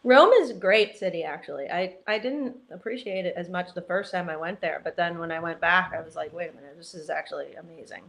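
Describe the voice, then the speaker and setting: A woman's voice: on the low side, fairly quick, creaky, few pauses. Chatty woman co-host. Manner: chatty, enthusiastic, says "like" a lot. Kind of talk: casual chat.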